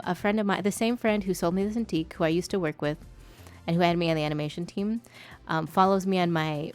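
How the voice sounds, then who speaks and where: Young female art streamer with a notably deep voice; loose, laughing, filler-heavy chatter over soft music. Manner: rambling, chatty, laughs often, frequent fillers. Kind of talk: casual chat while painting on stream.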